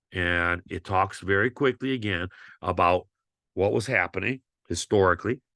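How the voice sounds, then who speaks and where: A man's voice: lowish voice, fairly bright tone, no echo, studio quality. A male teacher lecturing his students in an impassioned, blunt way, swearing freely.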